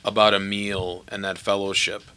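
A man with a lowish but very bright, sharp voice, recorded dry and close. He explains his points steadily, tagging them with "right?". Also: little pitch movement, normal speed, clear, resonant tone, no room sound. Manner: explanatory, tag questions like "right?". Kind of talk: casual faith discussion.

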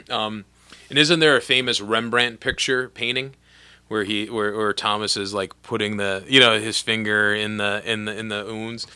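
A man talking through a gospel passage in a relaxed conversation, thinking aloud with restarts and often checking for agreement. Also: lowish voice, normal speed, clean tone, dry recording. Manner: thoughtful, frequent restarts, asks for agreement with "right?". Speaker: clergy discussing scripture. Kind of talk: casual theological conversation.

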